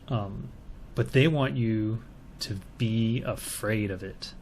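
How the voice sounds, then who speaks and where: A man's voice: on the low side, slow, vocal fry, darkish tone, a little hiss or hum. A man giving casual, tentative commentary while analysing a video. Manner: musing, tentative.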